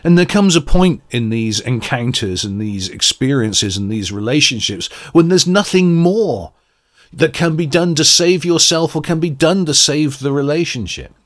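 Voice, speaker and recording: A man's voice: on the high side, expressive, normal speed. A man giving a reflective, earnest radio album review and searching for words as he goes. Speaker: music reviewer.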